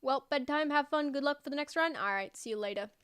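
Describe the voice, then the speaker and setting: A woman's voice: high voice, fast talker, fairly bright tone, a little hiss or hum. A woman game streamer chatting casually on a live stream at home, rambling through opinions and reading chat aloud. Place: home room.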